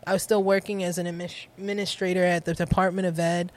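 This middle-aged New York woman, a poet and author appearing as a podcast guest, speaks fast in a lowish voice. She tells personal stories in an animated, casual way and laughs often.

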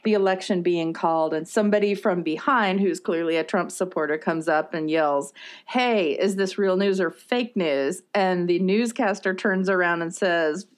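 A podcast co-host chats casually, spinning stories and laughing often. Her voice sits on the low side and moves at a moderate pace, with a chatty, storytelling manner.

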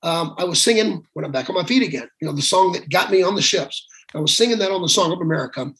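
A man, a guest singer, telling animated stories in conversation, acting out quoted dialogue with self-deprecating humor. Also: high-pitched, fast. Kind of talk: storytelling conversation.

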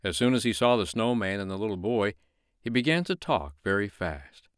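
A man reading a bedtime story aloud, with a gentle, lively storytelling manner. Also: fairly low pitch, moderate pace, clean tone, no echo, studio quality.

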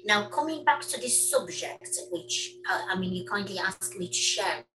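A middle-aged woman from Morocco, a dance teacher talking casually in an interview, animated and full of fillers and restarts. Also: medium pitch, normal speed, noisy background.

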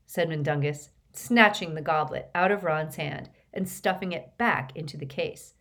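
A woman reading an audiobook aloud with a lively delivery. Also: sits low, normal speed, gravelly, few pauses. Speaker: audiobook narrator.

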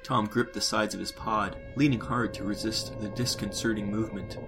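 Brief: low-voiced man narrating a sci-fi audiobook over a music bed. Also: fairly even intonation, creaky, rough recording. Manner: measured, descriptive.

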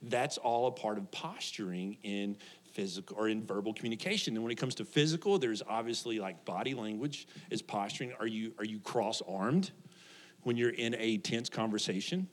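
A man's voice: fairly low pitch, moderate pace. A middle-aged man, a pastor, preaching a conversational sermon to a congregation, joking, laughing often and asking his listeners questions.

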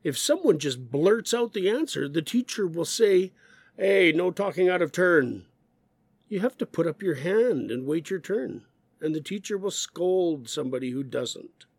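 A man who speaks English natively, teaching learners English expressions, slow and emphatic, repeating phrases. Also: on the high side, big pitch swings, a little mellow, slightly rough, dry recording.

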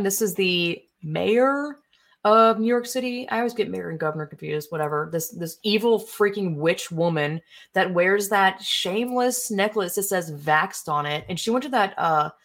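Indignant, low-voiced woman ranting casually. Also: fairly bright tone. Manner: indignant, profane, rambling with fillers. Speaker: political commentary streamer. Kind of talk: casual ranting commentary while browsing posts.

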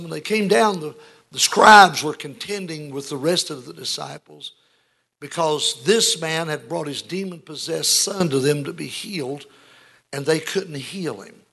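An older man delivers a sermon from the pulpit. His voice is gravelly and a little husky, with a bright, forceful edge. His preaching rises to booming lines and falls back to hushed ones. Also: unhurried. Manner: emotional preaching, swinging between booming and hushed. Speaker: pastor.

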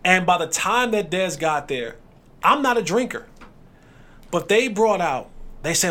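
A man with a fairly high voice hosts a podcast conversation. He speaks casually and relaxedly, falling easily into his own anecdotes. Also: animated, measured pace, long pauses, sharp tone. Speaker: podcast host, former football player. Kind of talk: casual chat.

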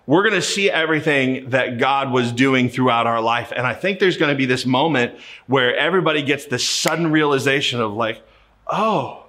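A man's voice: medium pitch, brisk, sharp tone. A middle-aged man from Ohio preaching a sermon as pastor, telling a personal story in a conversational way and often repeating words as he starts a sentence.

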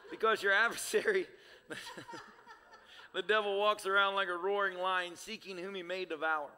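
A man's voice: high-pitched, steady tone, moderate pace, sharp tone. A male pastor preaching a sermon with fervor, using rhythmic, repeated phrases. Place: church sanctuary. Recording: reverberant church hall.

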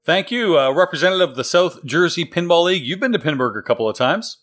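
A man's voice: a little high, animated, quick pace, a bit bright. A man hosting a pinball trivia podcast, introducing contestants in an upbeat announcer manner. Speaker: podcast host. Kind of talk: game-show style hosting.

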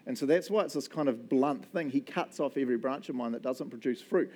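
A man with a New Zealand accent preaching a casual, jokey sermon in church, telling animated stories with self-deprecating asides. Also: mid-range voice, a little fast. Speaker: pastor.

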